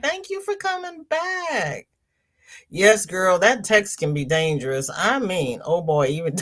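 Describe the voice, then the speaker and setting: A middle-aged woman hosting a casual crochet livestream, reading viewer comments aloud and chatting warmly with her audience, calling them "girl" and "honey" amid frequent ums and restarts. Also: medium pitch.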